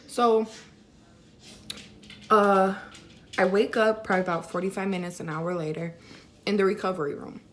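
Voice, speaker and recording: A woman's voice: on the low side, a bit bright, a little hiss or hum. A young woman vlogger casually telling a personal story to camera, filling her talk with "like" and "you know.". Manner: chatty, many fillers like "like" and "you know".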